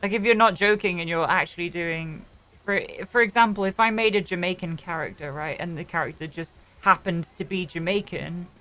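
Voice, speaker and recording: A woman's voice: lowish voice, a little fast, bright, forceful tone. A woman streamer chatting casually while roleplaying, rambling with many restarts and the odd swear. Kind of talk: casual chat.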